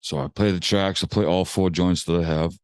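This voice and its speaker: Young Massachusetts guy, low-pitched, dry close sound; lively slang-heavy storyteller who curses freely. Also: brisk, clear, resonant tone, no echo. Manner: animated, slangy, swears casually, acts out other people's lines. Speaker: music producer guest. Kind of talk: casual storytelling.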